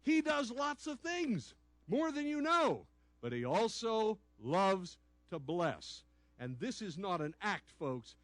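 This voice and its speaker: A man with a high voice preaches to his church, lively and playful, pausing to quiz the listeners and lead them in responses. The sound is close and dry, with almost no room echo. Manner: animated, playful, asks the audience questions. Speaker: pastor and law enforcement chaplain. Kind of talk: sermon with call-and-response teaching. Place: church sanctuary.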